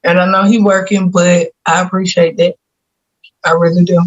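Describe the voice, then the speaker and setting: A woman's voice: on the low side, little pitch movement, normal speed, lo-fi sound. A woman on a video coaching call who talks candidly in slang, close to tears. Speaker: coaching client. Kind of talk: emotional group coaching call.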